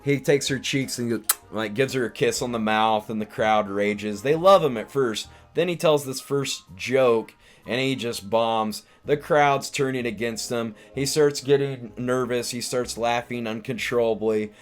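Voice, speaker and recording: A man's voice: mid-range voice, a little slow, soft background music. A man hosting a live stream, casually recapping a film in a rambling way with lots of restarts and filler words. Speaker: live-stream host, comedian.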